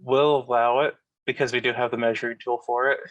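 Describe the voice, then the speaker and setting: Male game master, relaxed and matter-of-fact, mid-range voice. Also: mid-range voice, a little fast, highs cut off. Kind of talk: running a tabletop game.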